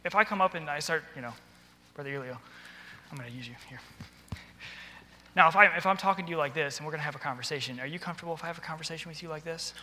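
Guy teaching church workers, bright forceful voice, big hall echo. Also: fairly high pitch, rapid-fire, pauses often. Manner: animated, acts out soft and stern examples. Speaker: church ministry trainer. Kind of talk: practical training talk. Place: church auditorium. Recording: hall reverb.

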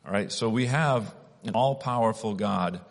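Man, preacher, sermon, slow and deliberate, lowish voice, hall reverb. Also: vocal fry. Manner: unhurried, deliberate, with some restarts.

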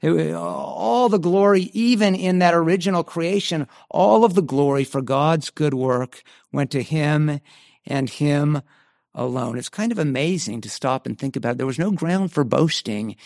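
A man's voice: fairly high pitch, a little slow, creaky, a little mellow, dry recording, clean studio sound. A man preaching a sermon in an earnest way, often restarting and repeating words as he goes. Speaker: pastor.

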